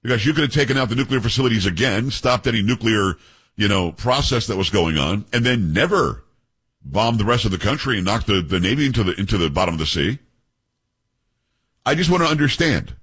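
A man's voice: lowish voice, expressive, brisk, a bit bright, breathy edge. A man hosting a talk radio show, telling stories emphatically and firing off rhetorical questions. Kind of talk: opinionated talk radio monologue.

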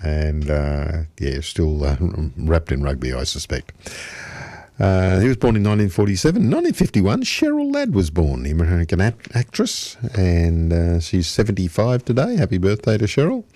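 A male radio host with a very low voice chats through his show in an unhurried, meandering way. His tone is warm and mellow. The studio sound is dry and close. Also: wildly swooping pitch, no room sound. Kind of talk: casual radio chat.

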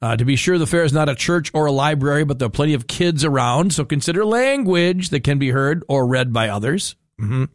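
A radio host chats his way through a casual segment, his voice sitting a little high for a man. He tells stories with lots of energy and slips into playful voices when he quotes people. The sound is close and dry, with no room echo. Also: a little fast, hardly any pauses. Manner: chatty, animated storytelling with playful quoted voices. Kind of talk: casual talk radio chat.

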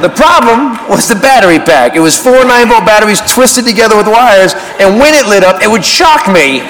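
A man doing stand-up storytelling on a club stage, animated and acting out characters, shouting punchlines. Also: high voice, brisk, roomy sound, low-quality recording. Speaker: stand-up comedian. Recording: live club with loud crowd laughter. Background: audience laughter.

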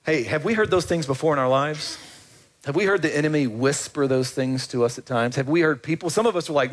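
A man's voice: on the high side, fairly quick. A man preaching a sermon in a conversational way, often asking the congregation questions. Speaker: pastor.

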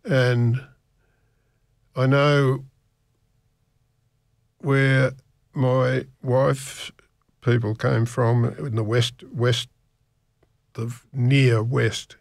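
Male radio presenter, slow and rambling, gravelly and creaky, close dry studio sound, chatty between tracks. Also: medium pitch, little pitch movement, no room sound. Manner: slow, meandering, with many restarts. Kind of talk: casual rambling radio chat.

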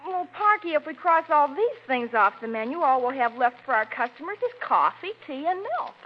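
A puzzled, polite diner helper. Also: female voice, high-pitched, very animated, moderate pace. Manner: polite, puzzled straight woman. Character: patient young woman helping at a diner. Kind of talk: 1940s radio comedy acting. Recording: dull old radio broadcast with faint hiss.

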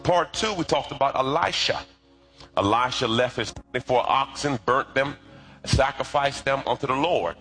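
A middle-aged pastor preaching a lively, conversational sermon with call-and-response. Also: male voice, mid-range voice, moderate pace, faint music behind.

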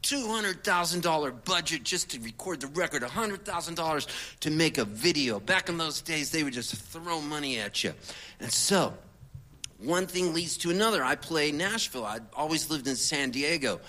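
A middle-aged man, a singer-songwriter, telling a rambling comic story to an audience in a conversational, animated way. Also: fairly high pitch, normal speed.

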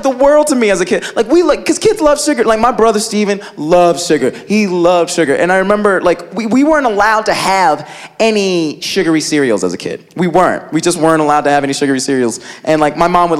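A young male stand-up comedian telling an animated, filler-heavy story on a club stage. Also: sits high. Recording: noisy live club with crowd laughter. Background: audience laughter and room noise.

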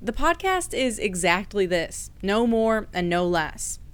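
A woman reporter delivering a scripted radio news feature in a measured way. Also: mid-range voice, sing-song, smooth.

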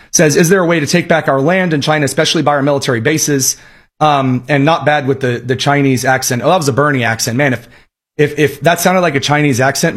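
A man's voice: mid-range voice, fairly bright tone, breathy edge. A man hosting a radio talk show, giving sarcastic, emphatic political commentary and reading quotes aloud.

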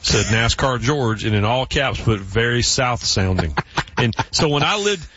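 A middle-aged Southern man from South Carolina hosts a sports radio show, swapping stories in a loose, animated way. His voice is bright and a little husky, recorded dry and close. The sound is slightly dull, like a radio feed. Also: a little slow, no room sound. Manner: animated, jumps into high voices to mimic coworkers. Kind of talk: casual radio chat, storytelling.

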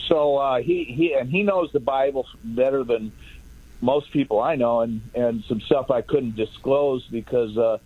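Rambling man on a tinny phone line. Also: mid-range voice. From Southern California. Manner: rambling, halting with many fillers and restarts. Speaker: caller. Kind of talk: rambling call-in story.

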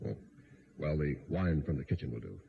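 A man playing a nervous count who owns a castle in an old radio drama, speaking in an anxious, halting, urgent way. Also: a bass voice, creaky. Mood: uneasy. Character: nervous haunted male count, castle owner. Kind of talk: 1940s radio acting. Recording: dull old radio broadcast with faint hiss.

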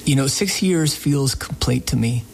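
A man, the host of a radio show, telling a story in a casual interview, animated and full of fillers. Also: medium pitch, a little slow, vocal fry, a little hiss or hum.

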